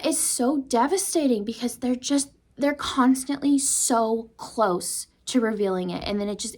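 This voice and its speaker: A woman's voice: fairly high pitch, darkish tone. Emotional young woman book vlogger. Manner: emotional, drops to whispers, many restarts. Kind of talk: casual book discussion.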